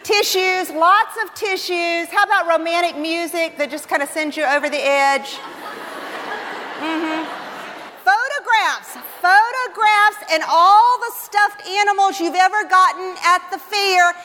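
Woman speaker, high voice, humorous testimony sermon, self-mocking storyteller, big hall reverb. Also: unhurried, bright, forceful tone, a little hiss or hum. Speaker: speaker at a Christian women's gathering. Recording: long reverb of a large hall.

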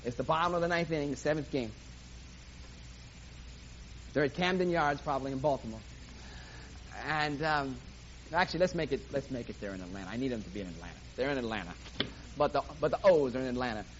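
A man preaching to a live audience, telling a sports story in animated play-by-play style. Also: medium pitch, quick pace, long pauses. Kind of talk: sermon with sports illustration. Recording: dull lo-fi recording, faint hiss.

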